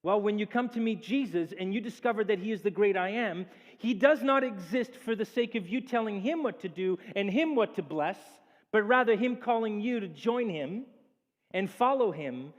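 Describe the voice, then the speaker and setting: A man preaching a sermon as a pastor, lively and acting out the voices in the stories he tells. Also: sits high. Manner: animated preaching, acts out quoted speech. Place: church sanctuary. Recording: long church reverb.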